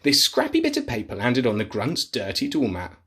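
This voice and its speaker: A man reading a picture book aloud to children in a playful, animated way, sometimes dropping to a whisper. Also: mid-range voice, brisk, slightly rough. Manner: animated, playful, drops to whispers for gross bits. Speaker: children's storyteller. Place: office.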